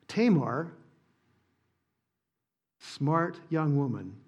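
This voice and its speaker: Pastor guy preaching, slightly higher voice, earnest, goes quiet to hit points. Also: sing-song, drawn-out words. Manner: earnest, emphatic preaching that drops soft on key points. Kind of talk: sermon.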